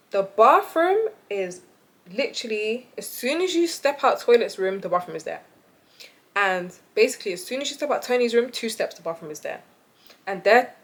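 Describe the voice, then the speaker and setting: A young woman who tells a story in a casual, animated, chatty way and laughs often. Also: mid-range voice. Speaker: vlogger.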